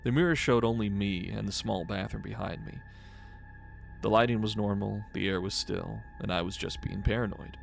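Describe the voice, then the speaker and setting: A man's voice: fairly low pitch, normal speed, vocal fry, faint music behind. A man co-hosting a casual podcast, reading a horror story aloud and joking between passages. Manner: jokey, laughs often, flat reading voice for the story.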